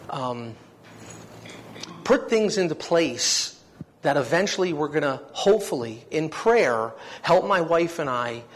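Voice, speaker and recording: A man's voice: fairly high pitch, slight background noise. A man preaching a sermon, telling his own story in an earnest, heartfelt way that swells with feeling. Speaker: preacher giving testimony.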